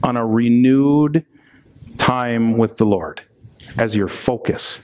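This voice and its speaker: With a mid-range, slightly mellow and clean voice, a man delivers a sermon as a pastor at a slow pace. His style is conversational: scripture readings, jokes in between, and a frequent "right?" to check in.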